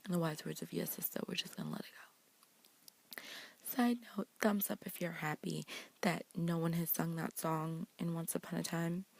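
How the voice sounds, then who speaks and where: Gravelly, husky woman recapping fast. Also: on the low side, no echo. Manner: fast, slangy, animated retelling, paraphrasing characters' lines. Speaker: TV episode recapper. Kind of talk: casual recap vlog.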